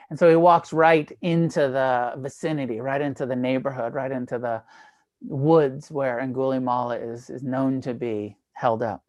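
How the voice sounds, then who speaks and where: A man's voice: medium pitch, moderate pace. Male meditation teacher retelling a story casually, irreverent, laughs often, swears freely. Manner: casual and irreverent, with profanity and fillers; animated retelling with frequent laughs. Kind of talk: dharma talk storytelling.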